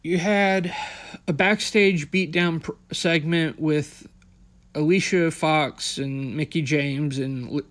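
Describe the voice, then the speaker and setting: Blunt, profane male podcast host. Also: fairly high pitch. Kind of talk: casual wrestling recap.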